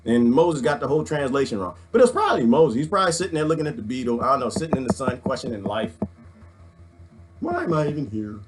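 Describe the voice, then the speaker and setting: A middle-aged man, ranting excitedly to his viewers, preaching and swinging his handheld mic as he talks. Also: mid-range voice, very fast, few pauses, music in the background. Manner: swings the mic around while talking. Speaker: vlogger. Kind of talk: excited casual rant.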